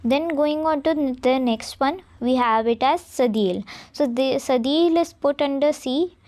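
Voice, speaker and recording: A woman with an Indian accent teaching beginner French, explaining slowly and clearly and spelling words out letter by letter. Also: high voice, a little mellow. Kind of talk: beginner language lesson.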